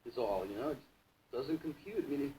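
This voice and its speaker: A man's voice: medium pitch, lively intonation, normal speed, mellow, slight background noise, close to an everyday voice, poor audio. An actor in a TV drama clip playing a blunt man who mocks and confronts an older man. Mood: mocking.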